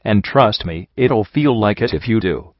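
A man's voice: fairly low pitch, animated, a little slow, no echo. Man reading as a blunt mare boat captain. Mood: stern. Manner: blunt, laying down rules. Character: tough female pony riverboat captain, bossy. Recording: dull lo-fi dry recording.

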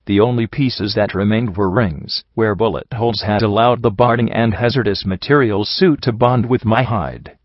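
A man narrating a first-person story in a low, steady voice. The recording is dry with no room sound and a slightly dull top end, like a home audiobook setup. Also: moderate pace, hardly any pauses, dry recording. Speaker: audiobook reader.

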